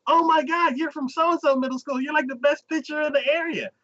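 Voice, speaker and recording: A man putting on gushing high-pitched anime schoolgirls. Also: fairly even intonation, brisk, pushed and bright, lo-fi sound, slight background noise. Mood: thrilled. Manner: gushing, breathless exclamations. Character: excitable teenage girls from an anime, gushing.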